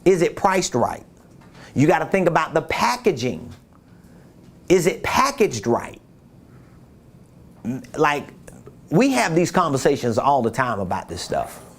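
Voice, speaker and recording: A man's voice: fairly high pitch, sing-song, a little slow, long pauses. A man giving a business coaching talk, emphatic and repeating his key points, who acts out quotes in different voices.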